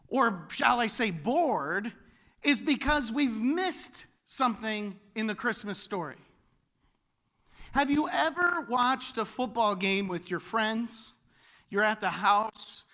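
A man preaching a sermon as pastor, animated and building to loud exclamations. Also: high voice.

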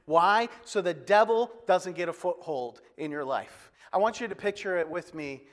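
A man's voice: sits high, normal speed, few pauses, big-room sound. A man preaching a sermon as a pastor, in a conversational way with folksy asides and self-deprecating humor.

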